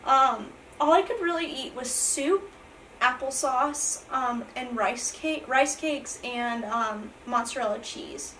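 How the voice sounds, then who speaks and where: A woman's voice: high voice, slow, a bit bright, distant mic, slight background noise, low-quality recording. A young woman, rambling through an emotional storytime vlog with many fillers and restarts, near tears with her voice breaking. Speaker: vlogger.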